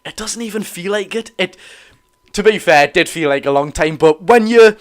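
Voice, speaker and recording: A young man with a Geordie accent hosting a live football watch-along, chatting excitably with viewers while chesty and coughing. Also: high-pitched, moderate pace. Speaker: football fan channel host.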